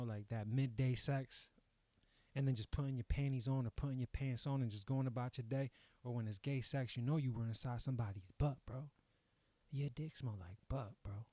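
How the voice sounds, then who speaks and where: A young man hosting a podcast, ranting in a crude, animated, slangy way and laughing at his own jokes. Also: medium pitch, no room sound. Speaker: podcast host. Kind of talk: casual comedic rant.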